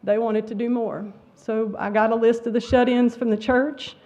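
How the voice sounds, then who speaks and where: A woman's voice: a little high, level tone, moderate pace, warm tone. Emotional woman teacher giving awards. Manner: emotional, near tears. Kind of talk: award ceremony speech. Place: church sanctuary. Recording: dull lo-fi sound.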